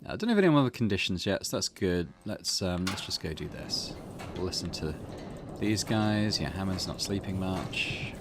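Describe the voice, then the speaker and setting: A man hosting a let's play at home, thinking aloud in a relaxed way with many fillers. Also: low voice, normal speed, noisy background. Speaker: gaming channel host. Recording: game music behind.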